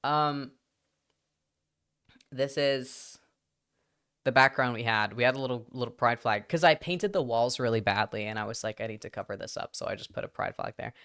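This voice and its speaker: A British streamer talking casually to a live audience from a home setup, rambling and chatty with lots of side remarks. The voice is clear and smooth at a middling pitch, and the accent drifts slightly toward whoever is in the conversation. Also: moderate pace, a bit bright. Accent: British, drifting toward whoever they talk to. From Britain. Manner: rambling, chatty, trailing off into asides.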